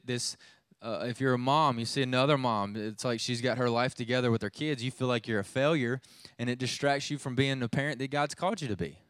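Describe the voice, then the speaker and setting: A man's voice: mid-range voice, no room sound. A youth pastor in his thirties preaching a sermon, telling a family story in a conversational way with many restarts.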